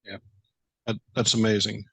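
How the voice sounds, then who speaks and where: A man's voice: lowish voice, flat delivery, moderate pace, vocal fry, a bit bright, breathy edge, no echo. A man hosting a podcast interview, talking hesitantly with many fillers. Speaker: podcast host.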